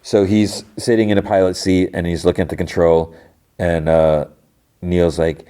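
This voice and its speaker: A man's voice: deep voice, level tone, moderate pace, mellow. A man hosting a podcast, casually recapping a TV episode and quoting the characters. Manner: retells scenes with quoted voices, many fillers like "like". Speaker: podcast host.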